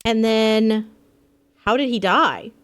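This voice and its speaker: A woman's voice: fairly high pitch, slow. A woman streaming a game live, chatting playfully and swearing freely as she thinks aloud. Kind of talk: casual live gameplay commentary.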